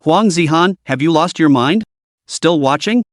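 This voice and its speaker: A sharp-tongued young woman from a storybook, fed up with her friends, read by a man. The voice sits slightly high and sounds dry and close. The lines come out evenly. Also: lively intonation, a little slow, no room sound. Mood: exasperated. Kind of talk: storybook reading.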